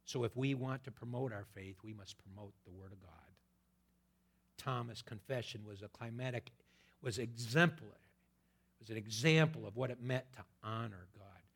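A man preaching a sermon, quoting scripture and swinging between loud emphatic peaks and hushed whispers. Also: medium pitch, normal speed, vocal fry, husky. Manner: quotes scripture in old-fashioned wording.

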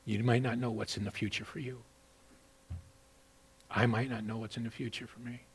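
A man preaching a sermon as a pastor, moving between loud, emphatic exhortation and quieter personal storytelling with repeated words. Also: medium pitch, little pitch movement, normal speed, a little hiss or hum. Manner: repeats and restarts words when telling a story.

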